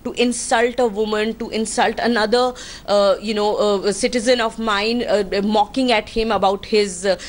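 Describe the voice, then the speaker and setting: A woman's voice: medium pitch, steady tone, normal speed. A woman from India with an Indian accent, earnestly and indignantly recounting an incident as an interviewee, politely using honorifics.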